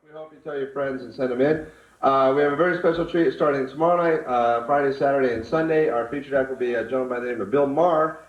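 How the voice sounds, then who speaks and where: A man's voice: medium pitch, recorded from a distance. A man emceeing at a comedy club, plugging coming shows and introducing the next act. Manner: brisk, promotional. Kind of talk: announcing acts to a live audience. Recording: lo-fi 1980s live tape, roomy club.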